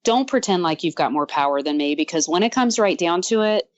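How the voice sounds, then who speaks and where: Woman entrepreneur, blunt and joking, lowish voice, dry close sound. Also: animated, brisk, dry recording, dull audio. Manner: frank and self-mocking, with fillers. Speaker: business owner, guest. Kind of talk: casual panel talk.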